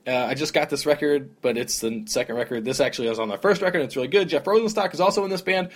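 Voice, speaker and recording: A man's voice: on the high side, fast. Rambling young man hosting a solo podcast. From American South. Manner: rambling, lots of fillers like "like" and "dude". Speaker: podcast host. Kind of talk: solo casual podcast rant.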